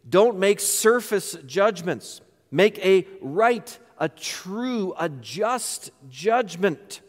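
High-voiced man preaching in a reverberant hall. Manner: emphatic, rhetorical questions. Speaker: pastor. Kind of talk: sermon.

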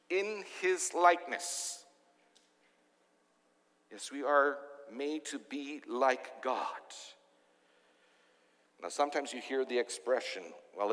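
A man's voice: fairly high pitch, a bit bright, in a large hall. A man preaching a sermon as pastor, emphatic and full of rhetorical questions.

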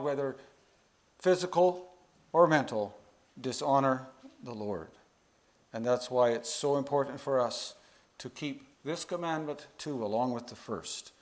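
A man preaching a sermon to a congregation, earnest, building to louder emphasis on key phrases. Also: mid-range voice.

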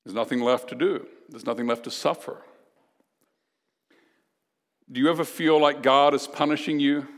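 A man preaching a sermon as pastor, emphatic, with dramatic pauses and repeated lines. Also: mid-range voice, steady tone, long reverb tail.

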